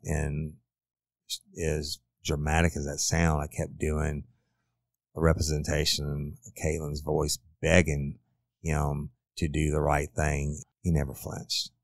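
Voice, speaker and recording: A man's voice: rumbling low, completely flat delivery, measured pace, creaky, no echo. A middle-aged man, a former detective, bluntly retelling a crime case in a casual, profane way. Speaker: former detective, podcast host. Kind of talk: true crime storytelling.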